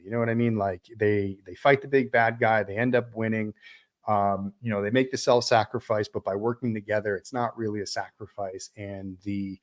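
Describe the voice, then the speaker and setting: A man's voice: on the low side, darkish tone. A man hosting a live stream, chatting casually about a film, rambling with many fillers and restarts. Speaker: livestream host reviewing a film. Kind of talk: casual livestream chat.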